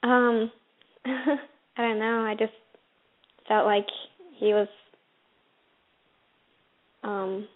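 A hesitant woman caller with a somewhat high voice who speaks slowly and giggles between words. She comes through a tinny phone line. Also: steady tone. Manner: hesitant, giggly, soft-spoken.

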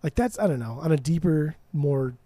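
Brash, teasing man with a dark voice. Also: on the high side, lively intonation, moderate pace, no echo. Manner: brash, teasing, swears a lot. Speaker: podcast co-host. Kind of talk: casual music review chat.

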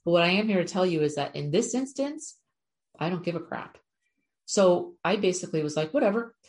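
A middle-aged woman with a notably low, deep voice talks straight to her viewers. She is chatty and frank, drops the odd swear word, and sounds like an animal communicator sharing spiritual advice. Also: expressive, brisk, darkish tone. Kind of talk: casual spiritual talk to viewers.

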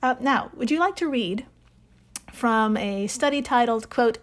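A woman co-hosts a podcast, chatting casually and giggling often as she talks. Her voice is a little high and her pace a little slow.

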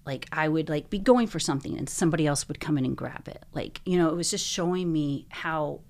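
Being interviewed, a young woman with a low, darkish voice recounts her personal story earnestly, in rapid bursts thick with "like."

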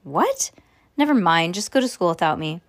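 A woman's voice: fairly low pitch, big pitch swings, normal speed. A woman voicing a grumpy, dramatic schoolgirl who whines and pleads.

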